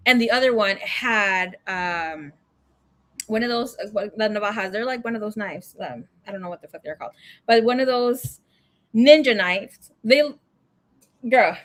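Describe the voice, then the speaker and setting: A woman's voice: mid-range voice, normal speed. A young woman hosting a tarot livestream, telling stories in a frank, profane, chatty way and slipping into Spanish phrases. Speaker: tarot reader livestream host. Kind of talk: casual storytelling chat.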